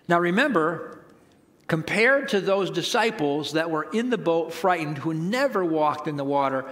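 A middle-aged man preaching a sermon, conversational and humorous, with sudden swings between loud emphasis and quiet asides. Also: fairly high pitch, expressive, moderate pace. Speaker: pastor.

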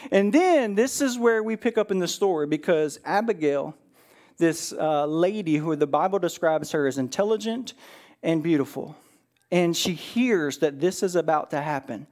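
A man's voice: fairly high pitch, normal speed. A man preaching as a pastor in a church, retelling a Bible story and acting out the characters' lines with a rising voice. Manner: animated, acts out quotes with rising voice, fillers like "right?".

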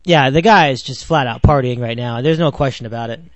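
A man hosting a casual sports chat, excitable and laughing, a little worn out. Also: mid-range voice, fairly quick, dry recording, muffled recording. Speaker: podcast host.

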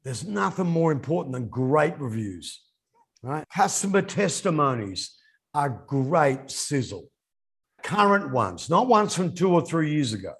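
Man, husky voice, animated swooping delivery, slightly high pitch, business podcast co-host. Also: unhurried. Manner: animated storyteller. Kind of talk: casual business chat.

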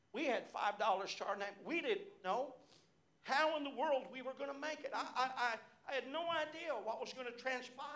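With an extremely high pitch and a somewhat bright tone, this middle-aged pastor preaches by telling personal stories, marking his phrases with repeated amens.

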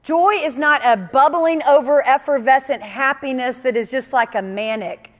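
Woman preacher, high voice, earnest and emphatic, repeats for stress, reverberant hall sound. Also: moderate pace. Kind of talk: sermon.

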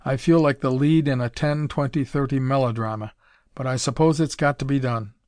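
A defiant American flier mutters dry, wry asides under pressure, as a male narrator puts him on. His tone is plain and low-key. The reading sounds dry and close. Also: steady tone, fairly quick, a little mellow, dry recording, close to an everyday voice.

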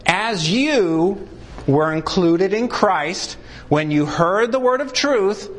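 Animated man preaching a sermon. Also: slow. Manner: animated preaching, swings pitch widely for emphasis; acts out short dialogues between God and a sinner. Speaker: pastor.

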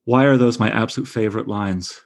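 A man's voice: on the low side, fairly quick, vocal fry. A man in his thirties leading a casual literary discussion, enthusiastic and stumbling over restarts. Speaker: discussion leader.

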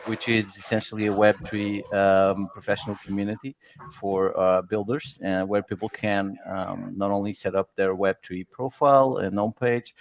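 Relaxed Portuguese man, dull audio. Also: fairly low pitch, moderate pace, gravelly. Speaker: guest. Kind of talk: casual panel chat.

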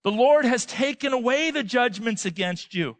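A man preaching a sermon, emphatic, with rhetorical questions and swings between loud and soft. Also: extremely high pitch, animated, moderate pace, no room sound. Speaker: pastor.

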